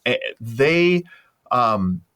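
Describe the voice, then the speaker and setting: Dude hosting a podcast, mid pitch, rambles a lot with lots of likes and ums. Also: male voice, very animated, very slow, fairly bright tone. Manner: rambling, many fillers and restarts, enthusiastic. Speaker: podcast host. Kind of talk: casual interview chat.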